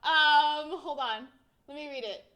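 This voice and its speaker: A young woman streamer chatting casually and telling a rambling, excitable story, her voice swinging between loud and soft. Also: high voice, measured pace. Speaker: VTuber streamer.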